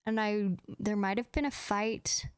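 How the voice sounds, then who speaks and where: A woman's voice: medium pitch, fairly even intonation, a little slow, clean tone, no echo. A young woman hosting a podcast, telling stories in a casual, chatty way with lots of "like" and acted-out dialogue. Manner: chatty, full of "like" and quoted dialogue. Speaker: podcast host. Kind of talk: casual storytelling chat.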